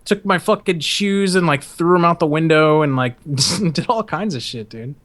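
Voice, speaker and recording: A man's voice: on the high side, moderate pace, fairly bright tone. A young man hosting a podcast and telling a story in a casual, profane, rambling way, often laughing. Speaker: podcast host.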